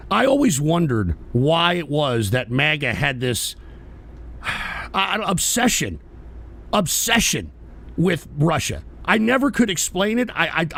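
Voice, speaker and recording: A man hosting a live political stream, ranting with profane, scornful outbursts that rise into shouts. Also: fairly high pitch. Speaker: host.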